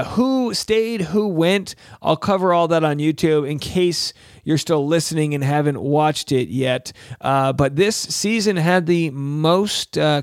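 A man's voice: on the high side, clear, resonant tone, no echo, studio quality. A man hosting a casual recap show, chatting in a rambling way and acting out quotes in put-on voices. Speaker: host. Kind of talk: casual reality-TV recap monologue.

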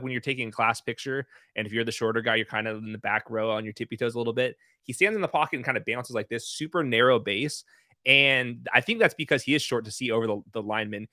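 A man's voice: mid-range voice, sharp tone, no echo, clean studio sound. A young man talking as a podcast guest, breaking things down in a loose, chatty way full of "like" and "uh". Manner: loose, chatty, uses lots of fillers like "like". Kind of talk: casual podcast analysis.

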